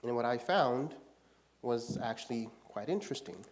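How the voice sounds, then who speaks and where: Man as a Bible study leader, relaxed teaching tone, keeps asking the group "right?". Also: mid-range voice, normal speed. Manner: casual, often checks in with "right?".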